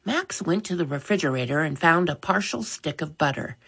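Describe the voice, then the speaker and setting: A woman reading a children's story aloud, slowly and carefully. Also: sits low, gravelly, husky. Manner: slow, careful, expressive reading. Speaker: narrator.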